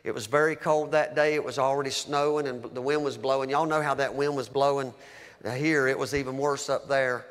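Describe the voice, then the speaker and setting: A man's voice: medium pitch, steady tone, a little fast, in a large hall. A man preaching, telling a heartfelt story as testimony, with a fervent, emotional delivery. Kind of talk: sermon testimony.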